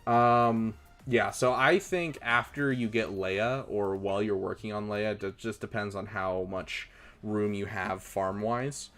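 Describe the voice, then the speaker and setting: A young man casually chatting on a live stream, giving relaxed advice with lots of ums and uhs. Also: on the low side, a little slow, soft background music. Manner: relaxed, chatty, many fillers, gives advice. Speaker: streamer reviewing viewers' game rosters.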